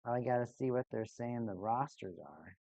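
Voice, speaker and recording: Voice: medium pitch, expressive, normal speed, mellow, no echo. A live-stream host in casual chat with viewers, exasperated and sarcastic while talking to the audience.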